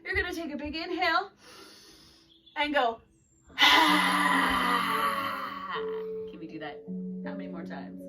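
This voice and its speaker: A woman's voice: high voice, big pitch swings, fairly quick, long pauses. A woman leading a kids yoga class, playful and sing-song as she guides the poses. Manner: playful, sing-song storytelling with animal sounds. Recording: distant mic with loud background music.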